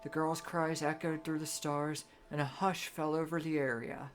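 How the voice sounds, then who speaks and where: A woman with a lowish voice reads a storybook aloud, gentle and measured, as if at bedtime. Soft game music hums faintly behind her. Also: flat delivery. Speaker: streamer.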